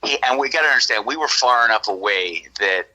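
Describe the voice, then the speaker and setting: A man's voice: mid-range voice, animated, brisk, bright, forceful tone, rough recording. A man from California telling a long story in a casual, rambling way, full of restarts and "right?" checks. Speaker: podcast guest.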